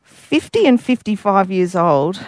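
Lively woman co-hosting, teasing. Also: mid-range voice, unhurried, no room sound, studio quality. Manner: teasing, laughs easily, tells stories. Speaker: radio co-host. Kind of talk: casual banter.

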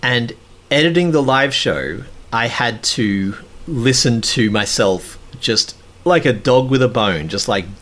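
Frank, self-critical man with lively pitch. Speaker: podcast host. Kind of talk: candid personal storytelling.

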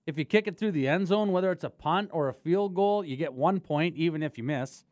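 A man's voice: on the high side, fairly quick, a little mellow, no echo, studio quality. Easygoing Canadian-accented man explaining. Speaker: co-host. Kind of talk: casual sports radio chat.

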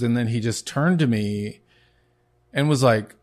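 A man hosting his own podcast, telling a personal faith testimony in an earnest, halting way, often restarting his sentences. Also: medium pitch. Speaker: podcast host.

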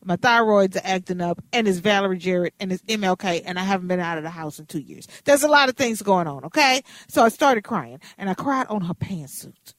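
A woman in her fifties, a radio host, telling a story in a lively, dramatic, playful way. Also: medium pitch, brisk, hardly any pauses, no echo. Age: 50s.

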